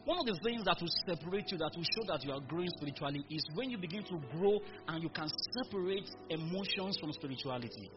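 A man's voice: fairly high pitch, lively intonation, fast, few pauses. A man preaching a sermon in church, calling on the congregation to repeat his words. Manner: emphatic call-and-response preaching. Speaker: pastor. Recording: dull recording with music behind. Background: music.

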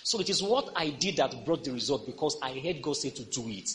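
Man, pastor, preaching in church, animated pitch, call-and-response. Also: a little fast. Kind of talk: sermon.

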